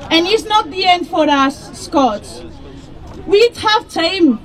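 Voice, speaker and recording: A woman's voice: extremely high pitch, expressive, slow, low-quality recording. A young woman giving a fervent speech at an outdoor political rally, laughing between points. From EU country outside the UK. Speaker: rally speaker.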